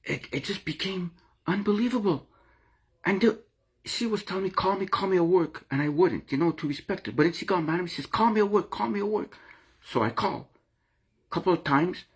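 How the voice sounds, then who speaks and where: A middle-aged man with a fairly high, slightly rough voice talks to camera in a vlog, giving an earnest, emotional, rambling account of his own experience. He keeps repeating and restarting his phrases as he confides in viewers.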